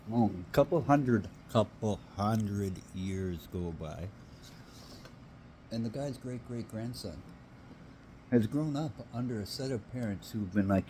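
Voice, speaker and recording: A man's voice: medium pitch, mellow, a little hiss or hum, low-quality recording. A man in a rambling, profane solo rant who repeats himself for emphasis.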